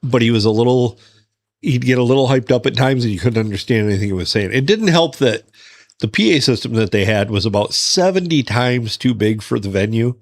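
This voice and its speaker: A man in casual chat, speaking haltingly with many restarts. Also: mid-range voice, expressive, dry recording. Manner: halting, restarts, gives praise.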